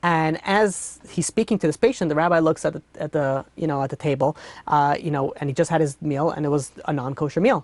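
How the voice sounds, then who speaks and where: A man, a rabbi, giving a storytelling sermon, talking fast with frequent restarts and "you know" fillers. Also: on the high side, darkish tone, dry recording. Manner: rapid, restarts often, heavy use of "you know".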